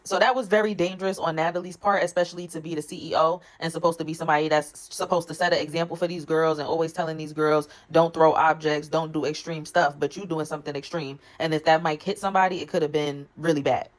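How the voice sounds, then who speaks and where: A woman's voice: low voice, steady tone, fast talker, few pauses. A woman recapping a reality show episode in a blunt, gossipy, profane way. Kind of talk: casual recap vlog.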